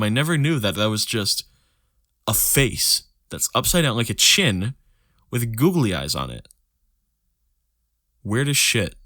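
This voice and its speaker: Low-voiced young man ranting casually. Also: fairly bright tone, no room sound, clean studio sound. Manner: rambling, profane, restarts words, sings snatches of songs. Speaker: podcast host. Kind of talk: solo casual podcast rant.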